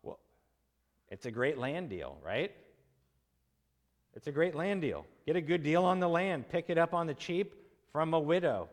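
A man's voice: fairly high pitch, animated, a little slow, long pauses, big-room sound. A man preaching an expository sermon in a conversational way, asking his listeners questions and acting out quotes in casual voices.

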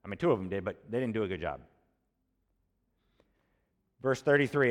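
A man's voice: on the low side, lively intonation, moderate pace, pauses often. A man preaching an expository sermon, reading scripture aloud and talking in a conversational way, asking rhetorical questions and then answering them. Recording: long hall reverb.

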